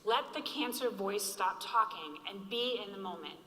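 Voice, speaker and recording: A woman in her forties giving an earnest, motivational conference speech on a stage microphone, slowing down to stress key lines. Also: medium pitch, expressive, bright, forceful tone. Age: 40s. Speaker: keynote speaker. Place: large hall with an audience. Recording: echoey hall reverb.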